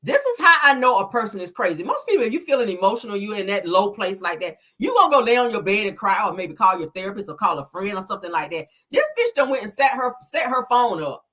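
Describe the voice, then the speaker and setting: A woman's voice: mid-range voice, very animated, fast, few pauses, a bit bright. A woman hosting a celebrity gossip commentary, blunt, profane and sassy as she reads viewer comments.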